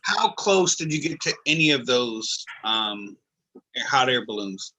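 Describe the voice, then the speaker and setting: Bright-voiced joking man. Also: mid-range voice, sing-song, unhurried. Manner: joking, teasing, loud and chatty. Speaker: co-host of an online video call show. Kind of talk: casual chat on a video call. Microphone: video call.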